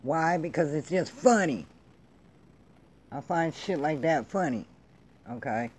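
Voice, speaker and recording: A woman's voice: sits low, expressive, slow, a little mellow. A middle-aged woman hosting her own vlog, delivering a blunt, profane, emphatic rant in casual talk. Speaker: vlog host. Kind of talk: casual ranting monologue.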